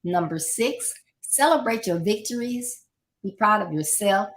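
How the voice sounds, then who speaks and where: Gravelly-voiced woman giving life advice. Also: mid-range voice, animated, unhurried. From Florida, United States. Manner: warm, encouraging, repeats key points with little asides. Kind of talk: casual motivational talk.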